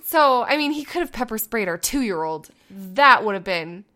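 A woman in her thirties, a mother telling a story in casual chat, animated and laughing often. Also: medium pitch, moderate pace.

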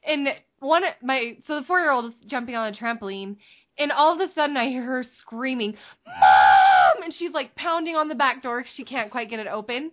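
A young woman co-hosting a podcast, telling family stories in an animated, giggly way and acting out the voices. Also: high-pitched, brisk. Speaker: podcast co-host. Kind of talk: casual storytelling chat. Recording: dull lo-fi podcast audio.

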